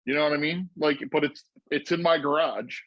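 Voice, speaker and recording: A man with a husky, fairly high voice tells a story in loose, rambling casual chat. The sound is dry and a little dull. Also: brisk, no room sound. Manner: loose, rambling with many fillers and restarts.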